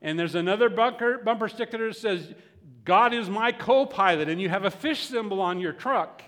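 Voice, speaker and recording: A man's voice: high voice, moderate pace, fairly bright tone, big-room sound, pitched above the performer's own voice. A man voicing a male police officer who explains an arrest in a formal, matter-of-fact way.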